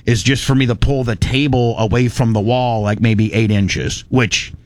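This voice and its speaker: Ranting talk-radio host, dry sound. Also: male voice, medium pitch, normal speed, dry recording. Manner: animated, ranting, restarts mid-sentence. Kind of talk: morning talk show storytelling.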